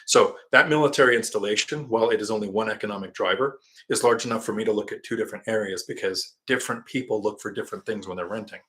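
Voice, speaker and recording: Middle-aged male live-stream host, deeper voice, casual and rambling, reads viewer comments out loud. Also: fast talker. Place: quiet indoor spot.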